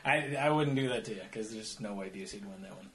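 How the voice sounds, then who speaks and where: A man's voice: lowish voice, brisk, crowd noise. A man co-hosting a podcast in casual chat, laughing often and dropping dry asides.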